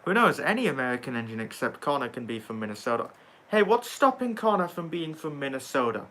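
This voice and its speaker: Bright-voiced young man reading livestream chat. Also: mid-range voice, sing-song, fast talker. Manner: sarcastic, swears casually.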